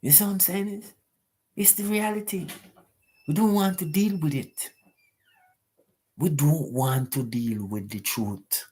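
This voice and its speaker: A man's voice: on the high side, measured pace, long pauses, mellow, husky. A man hosting a live talk stream, preaching emphatically and repeating rhetorical questions to his listeners.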